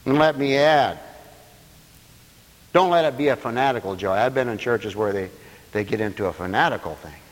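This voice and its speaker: A man preaching a lively sermon, breaking into laughter and playful asides. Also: normal speed, long pauses, long reverb tail. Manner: animated, swooping pitch, laughing asides.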